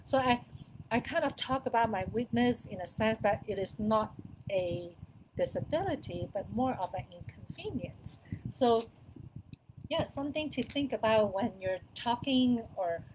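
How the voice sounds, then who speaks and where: A woman's voice: fairly high pitch, moderate pace, background noise. Chatty middle-aged woman coaching parents. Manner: chatty, repeats herself, laughs softly. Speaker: wellness coach talking to parents. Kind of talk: casual advice talk to camera.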